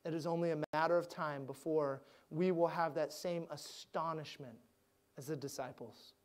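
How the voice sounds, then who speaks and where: A male pastor giving a sermon, swinging between loud emphatic lines and hushed, gentle ones. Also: on the high side, fairly even intonation, moderate pace.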